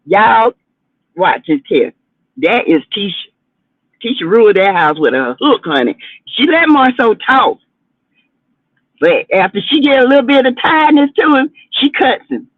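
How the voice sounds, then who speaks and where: A woman's voice: on the high side, big pitch swings, moderate pace, no echo. A sassy woman chats through reality-show gossip on her livestream. Her delivery is chatty and dramatic. The sound is tinny and phone-like, with a dry, close feel. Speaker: livestream host. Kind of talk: casual gossip commentary livestream.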